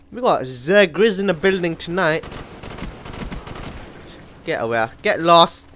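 A young man giving live gameplay commentary, excitable and ranting with sudden outbursts, his voice going hoarse. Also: a little high, slow, long pauses, very noisy. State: losing his voice. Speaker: gaming commentator.

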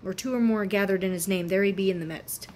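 A woman's voice: mid-range voice, fast talker, darkish tone, slight background noise. A woman in her thirties with a swollen throat and fever, talking earnestly and rambling in a casual faith vlog. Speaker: Christian vlogger.

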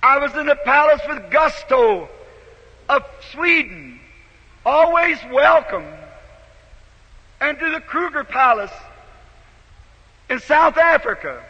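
On a dull 1950s tape recorded in a large hall full of echo, a very high-pitched male preacher recounts a story during his sermon. His delivery swells from quiet to shouted.

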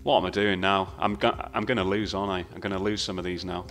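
Male slots host, bright edgy voice, rambling excitable commentary full of swearing, some game music underneath. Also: deep voice, fast talker. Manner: excitable, swears a lot, talks to himself and shouts at the game. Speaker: slot video host. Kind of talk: casual commentary while playing slots.

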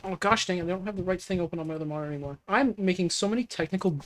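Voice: mid-range voice, racing. A streamer chatting casually through a let's-play, joking with chat and laughing often.

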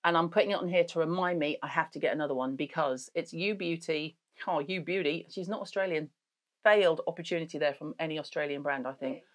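A woman's voice: low voice, quick pace. A middle-aged woman, hosting a beauty product chat in a blunt, sweary, jokey way. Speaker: beauty show host. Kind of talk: casual chat reviewing products.

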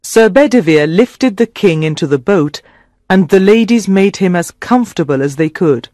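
A man with a fairly high voice narrates a simple story for English learners. His reading is clear and dramatic. The sound is close and dry. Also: animated, moderate pace, a little mellow, dry recording.

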